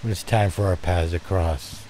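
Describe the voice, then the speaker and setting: An older man telling personal stories in a gentle, heartfelt way, speaking to his listeners as dear friends. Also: deep voice, steady tone, moderate pace, a little hiss or hum. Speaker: storyteller. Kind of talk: personal storytelling.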